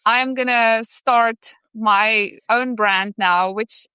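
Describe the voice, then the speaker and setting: A woman's voice: a little high, fairly even intonation, drawn-out words, pushed and bright, clear, resonant tone, dry recording. A woman, a mother, talking as a podcast guest in an effusive, grateful, chatty way. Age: adult with a young son. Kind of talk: casual interview chat.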